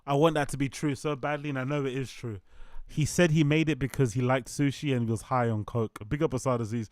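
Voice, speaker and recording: A man's voice: mid-range voice, steady tone, a little fast, darkish tone. A man hosting a reaction stream, chatting casually and jokingly, swearing often and repeating himself. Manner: joking, profane, repeats phrases. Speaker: host reacting to videos.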